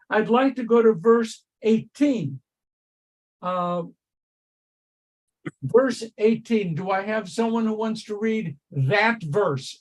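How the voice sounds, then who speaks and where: An older man, a rabbi, leading a text study class over a video call, emphatic and repeating key phrases as he calls on students. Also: high voice. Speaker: rabbi teaching Torah study.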